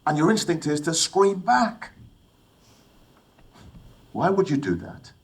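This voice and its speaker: A man's voice: on the high side, very animated, slow pace, poor audio. A middle-aged man from England giving a motivational talk to young people, telling personal stories and asking his listeners questions. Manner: storytelling, asks the audience questions. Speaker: speaker addressing young people.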